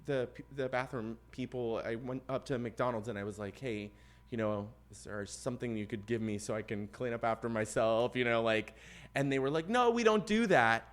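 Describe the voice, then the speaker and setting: A man's voice: mid-range voice, moderate pace. A man co-hosting a podcast, telling a long personal story in casual chat and acting out the other people in it. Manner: animated, voices other people and gets loud at the climax. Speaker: podcast co-host.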